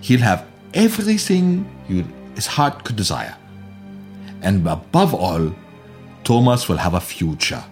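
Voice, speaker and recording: A man playing a stern Mother Superior in a told story, calm and deliberate. She persuades in a measured voice that stays fairly low, and the delivery swings with lively pitch. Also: soft background music. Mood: firm.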